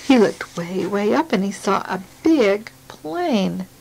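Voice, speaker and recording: Slow, gravelly woman reading to a child. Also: mid-range voice, lively intonation, a little hiss or hum, rough recording. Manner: slow, gentle, pausing to ask the child questions. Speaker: reading a picture book to a child.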